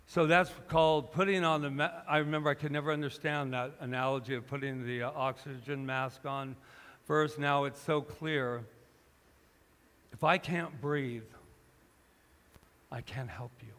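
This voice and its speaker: A man's voice: medium pitch, fairly even intonation, moderate pace, fairly bright tone. Man preaching a story in a reverberant hall. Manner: storytelling, acting out both sides of a conversation. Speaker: pastor. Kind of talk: sermon. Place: church hall.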